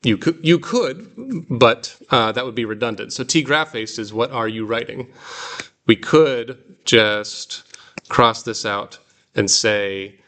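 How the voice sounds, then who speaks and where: A man's voice: mid-range voice, takes it slowly, a bit bright. A man teaching a Greek reading class, explaining patiently with examples. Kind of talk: classroom lesson.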